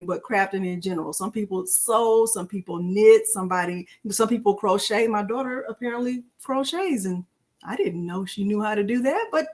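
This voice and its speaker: A middle-aged woman, hosting a casual live-stream crafting tutorial and talking to viewers in a chatty, warm-hearted way. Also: medium pitch, moderate pace. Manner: chatty and emotional, addresses viewers as y'all.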